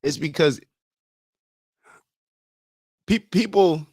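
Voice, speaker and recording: A man's voice: extremely slow, breathy edge, dry recording, clean studio sound. Blunt slangy male podcast host. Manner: blunt, slangy, animated, breaks into falsetto singing jokes. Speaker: morning show host. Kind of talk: casual motivational podcast talk.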